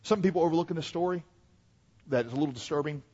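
A man giving a sermon as a pastor in a church, swinging from hushed, intimate lines to loud, rising exhortation. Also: a little high, racing. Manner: dynamic preaching, swings from hushed to shouting. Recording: dull lo-fi sermon recording.

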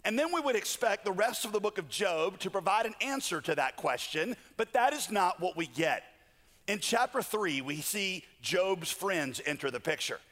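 A man preaches with a fairly high voice, mixing storytelling and joking asides. His words ring out in a large hall, the long reverb trailing every phrase. The delivery is conversational and animated. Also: moderate pace. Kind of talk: sermon.

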